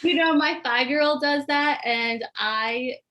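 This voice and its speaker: A woman's voice: sits high, measured pace, bright, forceful tone. A young adult woman hosting an interview, friendly, laughing along and saying "like" a lot. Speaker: podcast host and interviewer. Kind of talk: casual interview chat.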